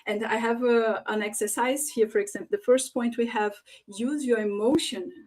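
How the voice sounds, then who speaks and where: A woman's voice: on the high side, steady tone, moderate pace, darkish tone. Woman giving a virtual talk. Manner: frequent fillers, demonstrates phrases in varied tones. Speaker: conference speaker. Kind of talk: online presentation on voice and leadership.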